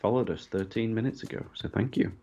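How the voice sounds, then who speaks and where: A man's voice: fairly low pitch, quick pace, mellow, muffled recording, soft background music. A man co-hosting a gaming livestream, trading dry, teasing banter with the player. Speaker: co-host. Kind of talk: casual gaming livestream chat.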